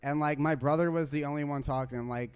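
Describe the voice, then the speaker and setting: A young man with a smooth, resonant voice chats on a radio show in a laid-back, slangy way. He swears freely and tells stories at an easy pace. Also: on the high side, steady tone, fast. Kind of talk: casual chat.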